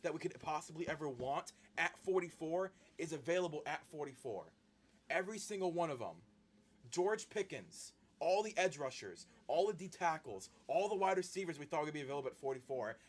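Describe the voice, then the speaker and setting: A man hosting a live stream, reacting to a sports draft and talking straight to his viewers in an excitable way. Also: fairly high pitch.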